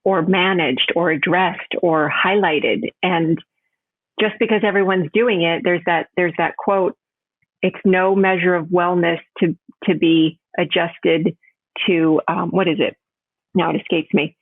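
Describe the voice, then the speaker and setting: A woman from New York, a health coach guest chatting in a podcast interview, animated and laughing often, jumping high in pitch when quoting people. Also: unhurried, no room sound. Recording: tinny phone-line sound.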